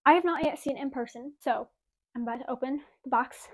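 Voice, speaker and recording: A young woman vlogger doing a casual unboxing at home, gushing and excitable, a little out of breath, filling her talk with "like" and "oh my gosh". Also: sits high, fast talker. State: slightly out of breath. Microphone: wireless mic.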